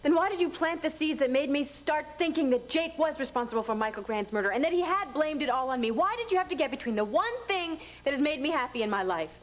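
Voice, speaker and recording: An actress playing a hurt, resentful younger sister in a soap opera, bitter and accusing. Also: female voice, sits high, lively intonation, fast, hardly any pauses, rough recording.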